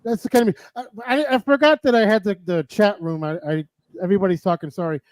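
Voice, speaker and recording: High-voiced man hosting a chatty show. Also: quick pace, no echo. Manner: chatty, breaks off to greet the chat room. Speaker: radio show host. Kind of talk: casual live-stream chat.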